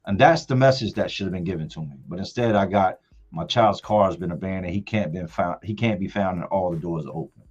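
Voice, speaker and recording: A man in his forties, hosting a livestream, telling a personal story in a casual, emphatic, animated way. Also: deep voice, fairly quick, breathy edge. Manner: emphatic, animated retelling with colloquial speech. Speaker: livestream host. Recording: muffled audio with faint music.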